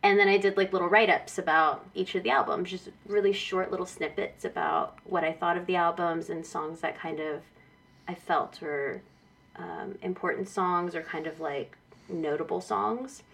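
A woman's voice: lowish voice, normal speed, vocal fry. A woman in her thirties from Texas, a guest artist chatting casually with frequent laughter. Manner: giggly, chatty, lively. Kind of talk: casual chat.

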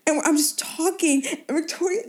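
A woman's voice: extremely high pitch, normal speed, a little mellow. A young woman co-hosting a podcast, telling a story in casual chat with lots of laughing. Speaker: podcast co-host.

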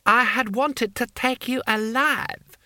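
A man's voice: very high voice, takes it slowly, bright, forceful tone, dry recording, studio quality, pitched above the performer's own voice, exaggerated voice. A male narrator voicing a furious warlord who screams orders at his troops. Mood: enraged.

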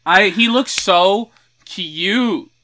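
A woman's voice: mid-range voice, extremely slow, a bit bright. A woman co-hosting a podcast, reacting expressively and laughing often while chatting about a TV episode. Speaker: podcast co-host. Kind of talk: casual TV recap chat.

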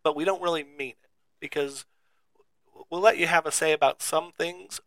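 A man's voice: on the high side, steady tone, moderate pace, a bit bright, dry recording. A man co-hosting a podcast in casual chat, rambling and skeptical, stumbling and restarting as he talks. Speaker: podcast co-host.

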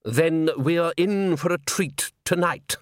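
A man's voice: on the high side, takes it slowly, no room sound, pitched above the performer's own voice. A man reading an audiobook, voicing a weary male opera music director with a dry, sardonic manner.

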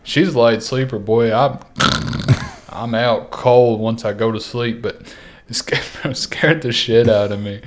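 A man's voice: medium pitch, steady tone, a little slow. A young man with a Kentucky accent, co-hosting a casual podcast, laid-back, laughing often and swearing freely. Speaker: podcast co-host. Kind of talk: casual chat.

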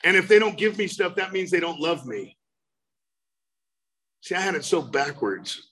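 A man in his forties telling his recovery story, animated, breaking into loud exasperated outbursts. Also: on the high side, moderate pace. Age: 40s. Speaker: speaker sharing recovery story. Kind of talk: recovery talk, personal story.

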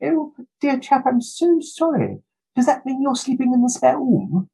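A man's voice: very high voice, very animated, moderate pace, gravelly, warm tone, breathy edge, full character voice, poor audio. A man putting on a posh old eccentric. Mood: sympathetic. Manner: plummy, fussing, affectionate. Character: posh, eccentric, lecherous older gentleman. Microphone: video call.

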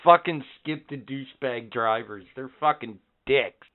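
A man's voice: medium pitch, measured pace. A man co-hosting a casual podcast, reacting with short swearing comments and jumping into his partner's story. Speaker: podcast co-host. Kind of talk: casual profane banter. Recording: tinny phone-like audio.

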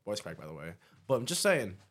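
Quick, hyped-up young man. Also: fairly low pitch, very animated, a bit bright. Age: young adult. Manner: hype, enthusiastic, laughing. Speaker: podcast guest. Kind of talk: casual chat.

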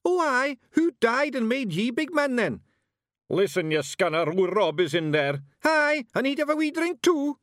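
A man's voice: extremely high pitch, sing-song, moderate pace, fairly bright tone, dry recording, clean studio sound, pitched above the performer's own voice, heavily acted. A man voicing a rowdy crowd of little fairy men disguised as a drunken scarecrow, in a thick Scottish brogue. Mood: squabbling. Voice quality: gruff brogue, squabbling.

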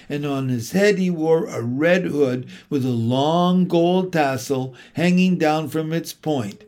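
A man reading a storybook aloud in a slow, measured and expressive way. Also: fairly high pitch. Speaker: narrator.

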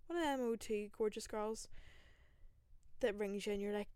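A young Northern Irish woman hosting a podcast, telling a story in a lively, self-mocking way, full of rambling asides, into a single microphone. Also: medium pitch, unhurried, pauses often, clean tone, no echo. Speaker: podcast host. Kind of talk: casual solo storytelling.

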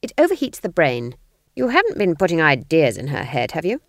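A stern, intolerant old witch who speaks in clipped, flat, scornful phrases, as a woman puts her on. Her voice is low and forceful. Dry, close recording. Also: brisk, no echo, full character voice. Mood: cold scorn.

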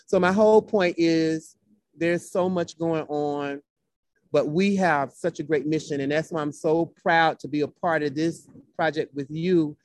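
A man's voice: on the high side, fairly even intonation, a little slow, no room sound, studio quality. A man from Florida, a poet guest in an interview, speaking with a rhythmic, repetitive, preacher-like cadence. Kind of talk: heartfelt conversational interview.

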